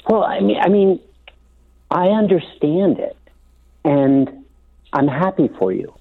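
A man's voice: on the high side, expressive, takes it slowly. Earnest man on a tinny phone line. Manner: earnest, reflective, with restarts. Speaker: call-in guest. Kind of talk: radio interview over the phone. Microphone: telephone.

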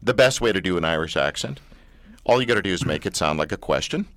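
A man hosting a radio show, teasing his guest and telling stories with animated banter. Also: sits low, fast talker, no room sound.

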